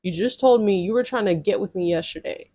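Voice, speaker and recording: A woman's voice: medium pitch, fairly quick, no room sound. Sassy young woman telling a dating story. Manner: sassy, blunt, slangy and expressive. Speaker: storytime vlogger. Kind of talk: casual storytelling to camera.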